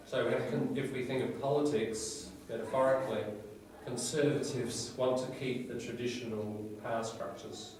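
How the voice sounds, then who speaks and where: A man's voice: mid-range voice, fairly even intonation, moderate pace, few pauses, a crowd in the background. A man teaching an English vocabulary lesson, going through words one by one and asking tag questions as he explains them. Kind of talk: classroom vocabulary lecture. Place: classroom. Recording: very echoey classroom from far off.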